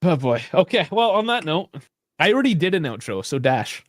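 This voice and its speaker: Lively, swearing sports podcast host. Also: male voice, on the high side, brisk, no room sound, clean studio sound. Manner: loose, profane banter with frequent laughs. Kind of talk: casual chat.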